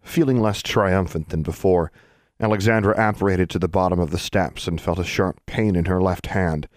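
Deep-voiced male audiobook narrator. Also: no room sound, clean studio sound. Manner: steady, measured reading. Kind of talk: scripted narration.

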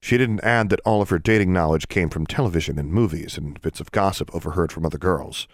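Deep-voiced male audiobook narrator. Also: quick pace, dry recording, clean studio sound. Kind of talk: scripted narration.

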